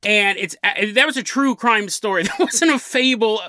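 A man's voice: high voice, moderate pace, pushed and bright, dry recording. A man hosting a paranormal podcast, telling a story with lots of energy and chuckling mid-sentence. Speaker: podcast host.

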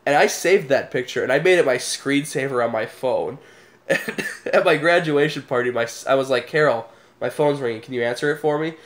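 A man's voice: medium pitch, brisk. A young man, casually telling funny stories to the camera and laughing at them. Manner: laid-back, laughs at his own stories. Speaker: vlogger.

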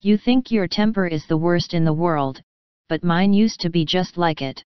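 A woman voicing a gentle, wise middle-aged mother who speaks calmly and tenderly in a storybook reading. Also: lowish voice, moderate pace, smooth, no room sound, highs cut off, close to an everyday voice. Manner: calm, tender, reassuring.

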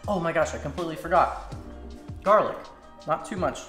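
A man from Slovakia hosting a cooking channel, talking viewers through a recipe step by step in a relaxed, casual way in a home kitchen. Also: fairly high pitch, a little fast. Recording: echoey kitchen with music bed. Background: background music, clinking dishes.

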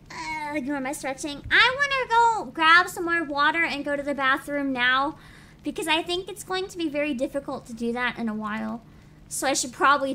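A woman streaming a video game, chatting casually, excitable and giggly, and swearing freely. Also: high-pitched. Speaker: VTuber streamer. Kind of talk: casual gaming livestream chat.

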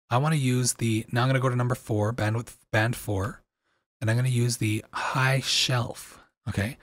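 A man with a slight crunch in his voice, explaining audio software in a casual, loose tutorial with plenty of fillers, into a dynamic microphone. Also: medium pitch, no echo, studio quality.

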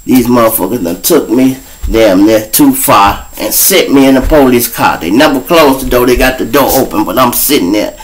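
A man with a Chicago accent tells rambling street stories on his own show. He is casual and profane, and his voice jumps high whenever he plays other people in the story. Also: animated, normal speed, hardly any pauses, low-quality recording. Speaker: host telling street stories.

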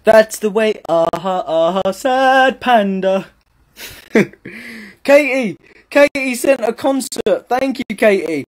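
A man's voice: sits high, animated, slow. A young man with a British accent chatting casually on a live stream, playfully reading out fan gifts and comments.

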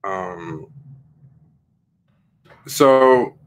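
A man's voice: deep voice, animated, drawn-out words. A man hosting a livestream, giving casual opinion commentary in a rambling way, with frequent fillers and emphatic rising questions. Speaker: livestream host.

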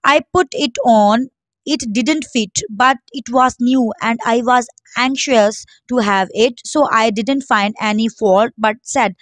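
A woman's voice: fairly high pitch, dry recording. A woman teacher reading a story aloud to students, stopping to explain difficult words. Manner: steady reading, pausing to gloss words.

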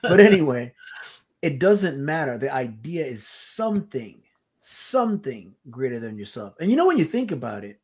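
A man's voice: mid-range voice, big pitch swings, moderate pace, darkish tone, slightly rough. A man co-hosting a podcast, talking in a reflective way that drifts onto tangents. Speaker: podcast co-host. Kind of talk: casual podcast chat.

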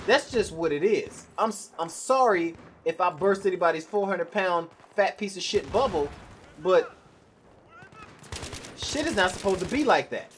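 A man's voice: high-pitched, expressive, a little slow, a bit bright, slight background noise. A young man ranting bluntly and profanely while commenting on his own gameplay. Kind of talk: live gameplay commentary rant.

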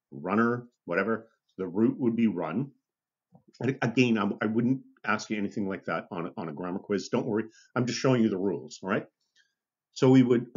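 A university instructor delivers a recorded online lecture in a low, darkish, husky voice whose highs are cut off. He's chatty, checks in with "okay?" and "right?", and often restarts and corrects himself.

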